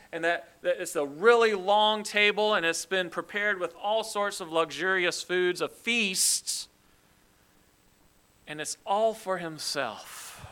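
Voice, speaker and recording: Slow, bright-voiced male preacher. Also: high voice, clear, resonant tone, low-quality recording. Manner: deliberate, emphatic expository preaching. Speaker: pastor. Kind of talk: sermon.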